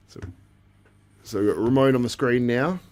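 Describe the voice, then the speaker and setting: The host of this casual live stream has a medium-pitched, somewhat mellow voice. He chats with his viewers, reacts in the moment to what's on the feed and in chat, and laughs a lot.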